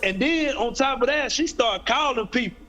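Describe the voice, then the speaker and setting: A man's voice: very high voice, moderate pace, pushed and bright. A man telling a personal story in an interview, earnest, often repeating and restarting phrases. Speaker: guest speaker.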